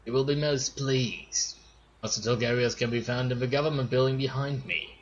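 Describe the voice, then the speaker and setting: A man voicing a formal, measured male messenger for a wizard order in a fantasy game. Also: mid-range voice, steady tone, dull audio, a little hiss or hum, close to an everyday voice.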